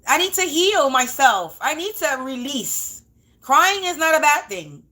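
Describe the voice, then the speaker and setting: Defiant woman, fairly high voice. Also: big pitch swings, a little slow, pushed and bright. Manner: defiant, emotional, repetitive. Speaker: spiritual reader and vlogger. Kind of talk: emotional monologue vlog.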